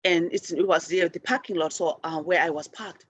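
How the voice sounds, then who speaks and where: A woman hosting a spiritual show and leading a forgiveness practice, speaking earnestly, restarting and repeating words, and addressing souls with soft affirmations. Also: fairly low pitch, normal speed, husky, no room sound. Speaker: show host.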